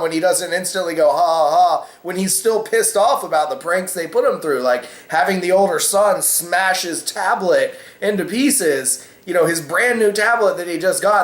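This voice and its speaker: A man's voice: sits high, a bit bright, reverberant. A man hosting a casual opinion vlog, rambling with many fillers and cussing freely. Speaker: vlogger host.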